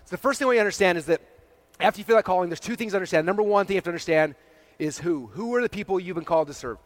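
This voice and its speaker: A man giving a motivational talk to a live audience, energetic and peppered with "like", often checking in with "okay?" and "right?". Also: high voice, racing, no room sound. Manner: heavy use of "like" as a filler. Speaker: speaker presenting to a live audience.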